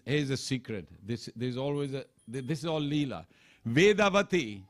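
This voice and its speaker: A man giving a sermon at a temple, telling scripture stories and acting out the characters' lines. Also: lowish voice. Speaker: temple speaker. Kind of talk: storytelling sermon. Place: temple hall.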